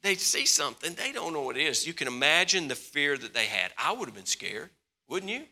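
A male pastor delivers a sermon in a strikingly bright, forceful voice that sits a little high for a man and leaps all over its range. He tells his stories with dramatic jumps from loud outbursts to quiet, hushed lines. He often repeats words and restarts his sentences as he goes. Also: fairly quick. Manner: animated storytelling, swinging from loud to hushed.

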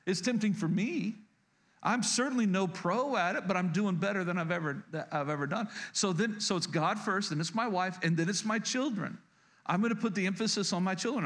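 A man's voice: high-pitched, a little fast, fairly bright tone. A man around fifty preaching a sermon as pastor, folksy and joking, talking straight to his congregation and often repeating himself. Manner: folksy, humorous, addresses the congregation directly; repeats and restarts words.

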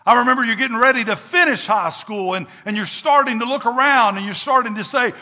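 A man's voice: very high voice, quick pace, few pauses, sharp tone. A man preaching a sermon as pastor, repeating words for emphasis and leading call and response. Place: church sanctuary with congregation. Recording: echoey church hall.

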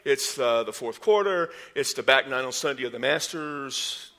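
A man preaching a sermon, animated, rising in pitch and volume to stress his points, with folksy asides. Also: normal speed. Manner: folksy asides and sports metaphors. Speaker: pastor.

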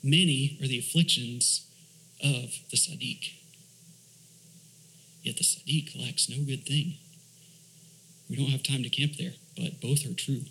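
A man's voice: medium pitch, fairly even intonation, measured pace, long pauses, pushed and bright, low-quality recording. A man, a church elder, preaching a sermon, asking rhetorical questions, reading scripture aloud and explaining Hebrew words.

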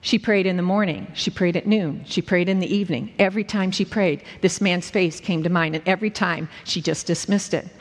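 A woman preacher telling a story in a sermon, earnest and slowing down at dramatic moments. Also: lowish voice. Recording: echoey hall with long reverb.

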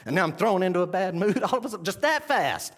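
A man preaching a sermon, talking straight to the congregation and swinging between loud emphasis and quiet intensity. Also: sits high, big pitch swings, fast talker. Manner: conversational, addresses the congregation directly.

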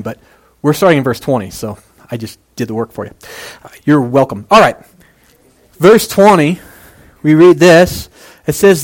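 A man preaching a casual, conversational sermon, making jokey asides and using plenty of fillers. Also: mid-range voice. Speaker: pastor.

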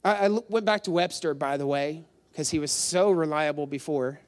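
Middle-aged male pastor, high voice, chatty sermon, jokes at his own expense. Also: moderate pace. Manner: chatty, self-deprecating storytelling with crowd questions.

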